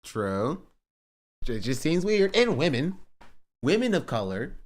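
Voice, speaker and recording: A man's voice: a little high, big pitch swings, slow pace. A male streamer in casual chat, reacting to online drama in a rambling, exasperated way with many filler words.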